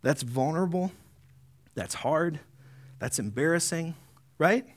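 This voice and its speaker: A man preaching a sermon as pastor, earnest, often adding tag questions, slowing down to read deliberately. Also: fairly high pitch, lively intonation. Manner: earnest, rising to emphatic peaks, slowing to deliberate reading.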